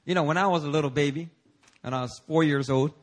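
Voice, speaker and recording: Animated man preaching a sermon. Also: on the high side, quick pace. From Korea. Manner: lively preaching that swings between loud emphasis and quiet asides; conversational and playful, telling personal stories with laughs. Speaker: pastor.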